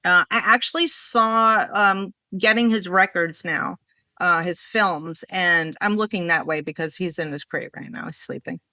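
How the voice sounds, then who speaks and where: A woman telling a rambling story in a casual podcast conversation, acting out what people said with lively swings in her voice. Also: fairly low pitch, a little slow, dry recording. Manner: animated, rambling, acts out quoted dialogue.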